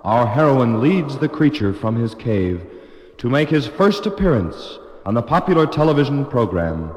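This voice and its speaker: A man's voice: mid-range voice, very animated, normal speed, roomy sound, big-room sound, close to an everyday voice. A man narrating like a movie trailer, in a sweeping, melodramatic delivery.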